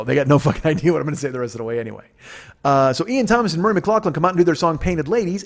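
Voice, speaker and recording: A man hosting a podcast, telling a long show-business story in a casual, profane, rambling way, often quoting people as he goes. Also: a little high. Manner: profane, rambling, animated retelling with quoted voices. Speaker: podcast host.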